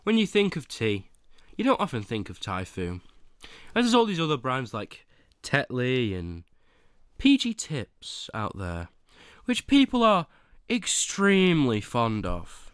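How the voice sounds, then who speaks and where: A man's voice: medium pitch, huge pitch swings, takes it slowly, a bit bright, clean tone, dry recording, clean studio sound. Dramatic young man streaming. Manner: dramatic, whiny pleading with sudden outbursts. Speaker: streamer ranking teas for chat. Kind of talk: casual livestream chat.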